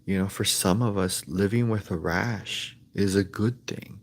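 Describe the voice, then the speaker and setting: Slow gravelly man rambling deadpan. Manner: rambling deadpan with mock ad pitches. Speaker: streamer. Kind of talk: improvised comedic livestream rant.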